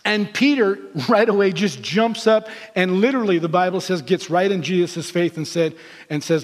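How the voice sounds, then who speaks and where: A man with a high voice preaches in a church sanctuary. He tells Bible stories with lively energy, slipping into quick character voices for the figures he quotes. His words ring out with a long hall reverb. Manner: animated storytelling, acting out quoted characters. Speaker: pastor. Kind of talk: sermon.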